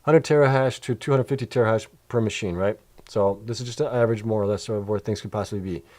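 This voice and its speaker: A man's voice: on the low side, fast, a little mellow. Tired man rambling over spreadsheets. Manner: rambling, thinks aloud while clicking through spreadsheets. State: tired, yawning. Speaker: host of a crypto mining channel. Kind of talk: casual livestream commentary with Q&A.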